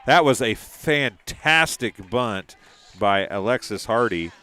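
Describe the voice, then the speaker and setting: Chatty man calling a softball game. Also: mid-range voice, animated, slow, smooth. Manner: chatty, laughs easily between calls. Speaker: play-by-play commentator. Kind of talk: casual live sports commentary.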